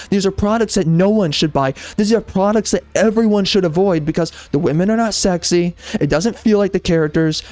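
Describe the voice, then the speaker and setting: Guy ranting thru a game review, totally fed up, says the same thing over n over, kinda high voice, dry sound. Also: darkish tone, no echo. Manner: exasperated, repetitive, emphatic ranting; frequent filler words and restarts, casual slang.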